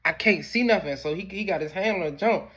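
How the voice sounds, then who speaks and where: A man's voice: fast, bright, forceful tone. A man telling a personal story in casual, slangy speech, with lots of fillers. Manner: slangy, laid-back, peppered with "boom" and "whatever the case may be".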